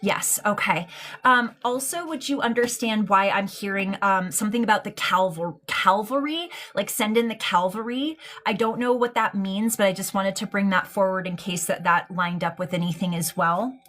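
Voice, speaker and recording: A woman's voice: medium pitch, normal speed, a bit bright. A woman giving a live-streamed mediumship reading, affectionate and hesitant, full of ums and likes. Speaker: psychic medium.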